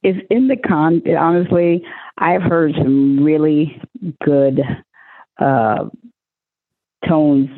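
A woman co-hosting a casual chat, talkative and quick to laugh. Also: low voice, dry recording, phone-quality sound. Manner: chatty, laughs easily.

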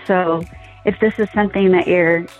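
Lowish woman guest on a phone line. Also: normal speed. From Montana, USA. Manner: laughs easily, relaxed with fillers. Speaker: podcast guest. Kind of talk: casual interview chat. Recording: phone-like line with faint music.

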